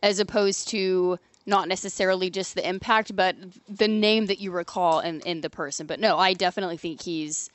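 A woman's voice: lowish voice, steady tone, moderate pace, few pauses, dry recording. A woman co-hosting a casual sports panel chat, chatty and upbeat, laughing often. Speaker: sports podcast co-host.

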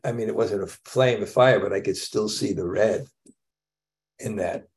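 A man's voice: on the low side, moderate pace. A man teaching a scripture class in a casual, conversational way, with chuckling asides.

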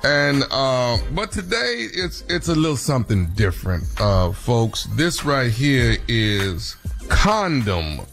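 A man's voice: medium pitch, takes it slowly, vocal fry, faint music behind. A man hosting a radio prank show, bantering playfully with his co-hosts. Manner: playful, animated storyteller.

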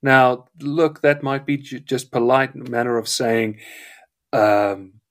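A man's voice: medium pitch, unhurried. A man from South Africa who speaks with a schooled English accent, a guest telling rambling stories in casual live-show chat. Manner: rambling, wordy storyteller.

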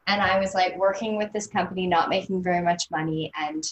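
A woman's voice: lowish voice, brisk. Chatty Canadian woman telling stories, echoey. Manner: animated, laughs often, quotes people in voices. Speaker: interview guest. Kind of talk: casual storytelling. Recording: roomy echo.

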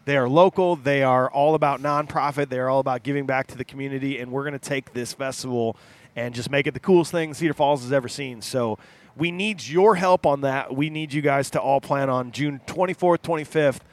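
A man's voice: medium pitch, fairly quick. A man hosting a casual podcast, rambling through announcements off the cuff. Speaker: podcast host and band member.

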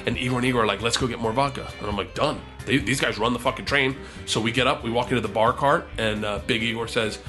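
Bright-voiced man telling a profane comic story. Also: mid-range voice, fast, hardly any pauses, soft background music. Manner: profane, excitable, acts out the quotes in raised voices. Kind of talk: animated comic anecdote.

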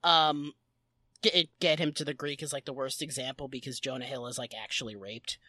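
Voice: medium pitch, steady tone, fairly quick, pushed and bright, no room sound, clean studio sound. A podcast co-host rambling casually and jokingly, with lots of fillers. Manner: rambling, jokey, many fillers.

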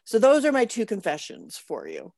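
A woman's voice: medium pitch, huge pitch swings, normal speed, darkish tone, no echo, studio quality. A woman caller telling a trainer about her dog, rambling and laughing often. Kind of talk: casual chat.

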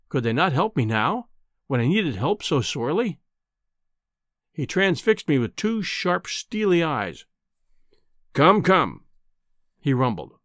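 Man reading a novel aloud, very lively pitch, slightly high voice, dry close mic. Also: dry recording. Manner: expressive, descriptive storytelling. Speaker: audiobook narrator. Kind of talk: scripted narration.

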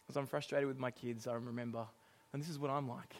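A middle-aged man preaching a sermon, animated and often laughing as he acts out exasperated lines. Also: mid-range voice, quick pace, hardly any pauses.

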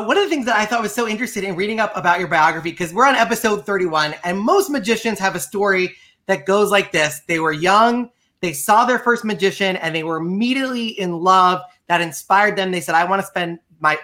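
Bright, bubbly woman hosting an interview. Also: medium pitch, fairly quick. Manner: energetic, bubbly, laughs often. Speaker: podcast host.

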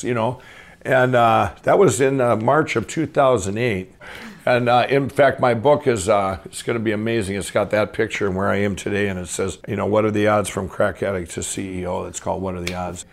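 A middle-aged man telling his life story as a guest, rambling and animated, full of fillers and restarts. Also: lowish voice, brisk, creaky. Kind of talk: casual storytelling.

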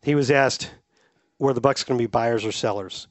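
A middle-aged man co-hosting a podcast, telling stories in a relaxed, chatty way. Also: mid-range voice, normal speed, dry recording. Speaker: podcast co-host. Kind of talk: casual chat.

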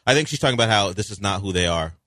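A man's voice: on the low side, expressive, rapid-fire, fairly bright tone, dry recording. A man co-hosting a sports talk radio show, breaking down the game with wry, dry humor.

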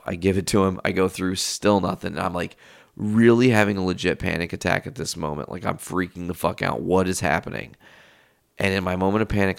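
A young man casually retelling a story in a rambling, profane, animated way. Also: on the low side, vocal fry.

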